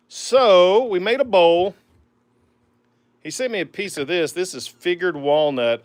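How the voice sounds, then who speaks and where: A man's voice: fairly high pitch, fairly bright tone, smooth, dry recording. A man in his forties with an Oklahoma accent, hosting a livestream from his woodshop and chatting easily with viewers, full of "man" and "uh". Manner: easygoing, rambling, lots of "man" and "uh". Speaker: woodturning livestream host. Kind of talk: casual livestream chat answering viewer comments. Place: home woodworking shop by the lathe.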